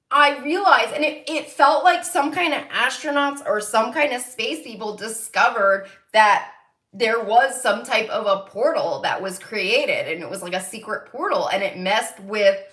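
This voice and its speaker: A woman's voice: on the high side, unhurried, a bit bright, reverberant. A woman hosting her own psychic channel, rambling through a personal story with lots of fillers and the odd swear word, getting emotional and near tears. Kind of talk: casual spiritual monologue to viewers.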